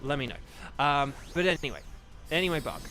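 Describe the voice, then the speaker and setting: A man's voice: on the high side, expressive, a little fast, bright, forceful tone, faint music behind. An English man chatting casually to his viewers while playing a game, rambling and easily sidetracked, with lots of ums and restarts. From England. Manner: chatty, distractible, full of fillers and restarts. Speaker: streamer. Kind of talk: casual livestream chat while gaming.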